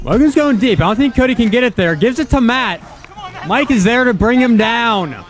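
Young guy, high voice, doing hyped play-by-play, music going under it. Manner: excited play-calling with quick short calls. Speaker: play-by-play commentator. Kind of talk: sports play-by-play commentary.

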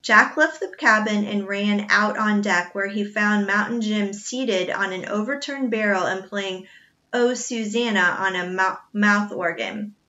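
A woman reading a children's novel aloud in an expressive storytelling manner. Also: mid-range voice, measured pace, few pauses. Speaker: reader. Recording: dull lo-fi recording.

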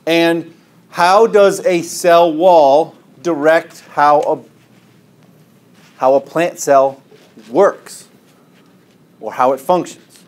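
Man lecturing, drawing as he explains. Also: on the high side. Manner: asks questions and answers them, tags lines with "right?" and "okay?"; drawing on a board while explaining. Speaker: biology lecturer. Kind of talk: classroom lecture.

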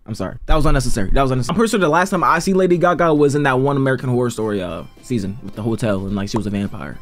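A man hosting a reaction video, talking casually and excitably to his viewers, rambling between points. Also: mid-range voice, very fast, soft background music.

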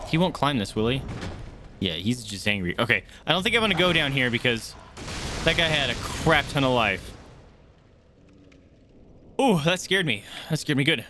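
Excitable, cursing man streaming a game. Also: mid-range voice, normal speed, long pauses, a little hiss or hum. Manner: reactive, swears often, yelps when startled. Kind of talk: live gameplay commentary.

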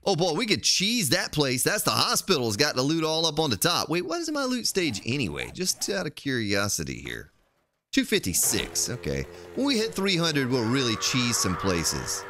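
A man's voice: on the high side, wildly swooping pitch, moderate pace, sharp tone. A man streaming a game, chatting casually and thinking aloud as he plays. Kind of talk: casual gameplay commentary.

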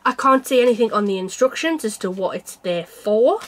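A woman with a bright, high speaking voice chats to camera about her cross-stitch work. She teases herself and laughs often, and she is getting over a cold. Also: lively intonation, a little fast. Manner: chatty and self-mocking, laughs often. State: unwell with a cold. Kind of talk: casual chat to camera.

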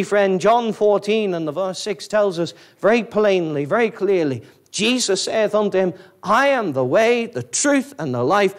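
A man preaching an evangelistic sermon, fervent and repetitive, rising to loud emphatic peaks and dropping low. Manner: repeats phrases for emphasis.

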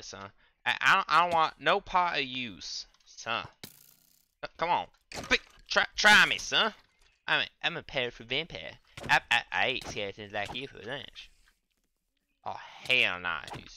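A young man talking over his game stream with a very bright, edged voice. He stammers constantly, repeating words as he restarts, and his pitch swings widely when he shouts down the monsters. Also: slight background noise. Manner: trash-talks the game's monsters, loud bursts of exasperation. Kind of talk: casual gaming commentary.

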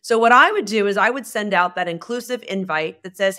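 A woman guest in a podcast conversation, speaking expressively and acting out bits of dialogue. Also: fairly quick. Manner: expressive, acts out dialogue with shifting pitch. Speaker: guest, communication expert.

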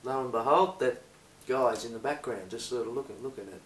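Man, low voice, halting confessional delivery, roomy echo with faint background noise. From Australia. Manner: hesitant, halting, full of fillers. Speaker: improvising actor. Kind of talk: improvised confessional monologue. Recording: echoey room, voice distant from the mic.

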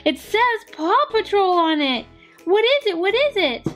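A woman voicing excited young cartoon puppies in toy play, eager and bouncy. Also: very high voice, measured pace, soft background music, pitched above the performer's own voice, full character voice. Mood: curious.

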